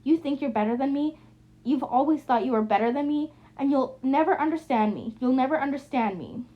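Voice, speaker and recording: A woman's voice: high voice, expressive, fairly quick. A woman voicing a bitter, drunken young woman who lashes out at her sister with taunts and accusations, on a muffled recording. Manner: taunting, accusing, slurring anger.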